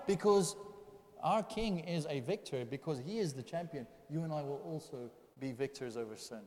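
Male preacher, high voice, emphatic rhetorical questions, long hall reverb. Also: normal speed, mellow. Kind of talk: sermon. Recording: echoey hall.

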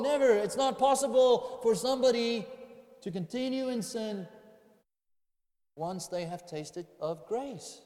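A man's voice: sits high, warm tone. A man preaching a sermon, asking rhetorical questions and building to emphatic declarations. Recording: echoey hall.

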